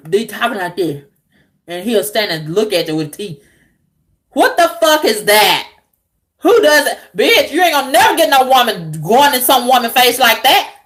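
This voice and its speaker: A woman vlogger ranting to camera with profane, animated storytelling, laughing at her own jokes. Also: sits high. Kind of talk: unscripted rant to camera.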